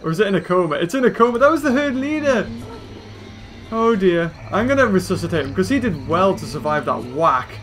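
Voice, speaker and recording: A man giving excitable let's-play commentary as a gaming video host, exclaiming at the action on screen. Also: high voice, fairly quick, faint music behind.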